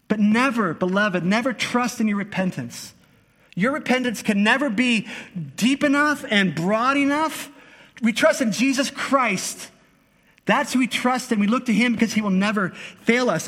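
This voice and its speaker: A man's voice: sits high, a bit bright. A man preaching an earnest, emphatic sermon as a pastor. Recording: long hall reverb.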